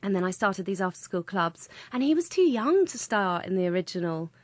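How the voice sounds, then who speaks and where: A woman's voice: mid-range voice, very animated, a little fast, dry recording. A woman who runs a comedy school, telling enthusiastic anecdotes in an interview. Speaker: comedy school founder and teacher. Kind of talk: interview answers.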